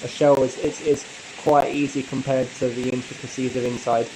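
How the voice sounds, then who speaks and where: A man hosting a casual live stream, chatting in a relaxed way and answering viewer comments with frequent light laughs. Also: medium pitch, moderate pace, background noise. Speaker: model railway channel host.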